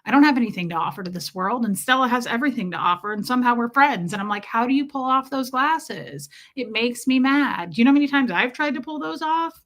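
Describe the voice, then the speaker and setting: A chatty, joking American woman in her forties greets viewers on her live stream. Her voice is bright and sits a little high. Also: animated, quick pace, few pauses. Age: 40s. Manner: chatty, sarcastic, jokey. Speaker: livestream host. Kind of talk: casual live-stream chat reading viewer comments.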